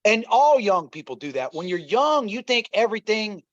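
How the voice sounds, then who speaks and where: Middle-aged man, interview guest, earnest and repetitive storyteller; fairly high voice, muffled dry recording. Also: very animated, normal speed, no room sound. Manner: earnest, repeats himself, addresses listeners as y'all. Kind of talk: emotional personal storytelling. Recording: dull, slightly lo-fi dry sound.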